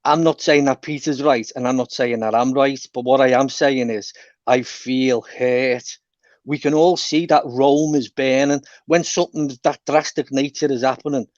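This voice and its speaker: A man's voice: medium pitch, steady tone, normal speed, darkish tone, no echo. Earnest male caller on a muffled line. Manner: earnest, emphatic, listing points. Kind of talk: phone-in comment.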